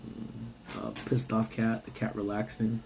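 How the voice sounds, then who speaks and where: The livestream host talks unhurriedly in a fairly low, completely flat, somewhat mellow voice. Parked in his car, he rambles casually and responds to chat messages, with slight background noise behind him.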